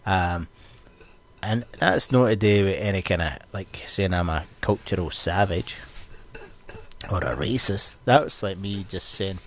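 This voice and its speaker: A man's voice: sits low, measured pace, a little hiss or hum. Sweary Scottish man ranting. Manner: sweary, ranting, animated storytelling. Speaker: podcast host. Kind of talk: casual podcast chat.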